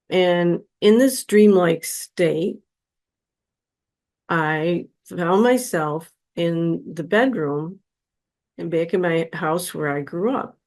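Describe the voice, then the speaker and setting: A woman guest on a podcast, telling a personal story in a slow, earnest, heartfelt way. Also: lowish voice, darkish tone.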